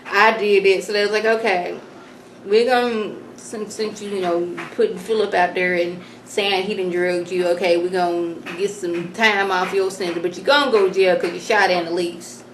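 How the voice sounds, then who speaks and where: A woman giving a casual, animated recap of a TV episode and acting out the characters' lines. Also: fairly low pitch, moderate pace. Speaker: vlogger reviewing a TV episode. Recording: echoey room, faint noise.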